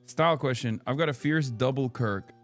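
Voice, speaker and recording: A man's voice: medium pitch, normal speed, faint music behind. Sarcastic man hosting a live stream. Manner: casual, sarcastic, swears. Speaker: political streamer host.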